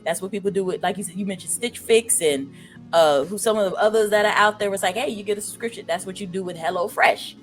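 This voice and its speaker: A woman's voice: mid-range voice, fast, faint music behind. Chatty Southern woman with a Brooklyn tinge. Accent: Southern American with some Brooklyn. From Southern United States. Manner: chatty, joking, animated asides. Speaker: podcast host. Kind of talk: casual interview chat.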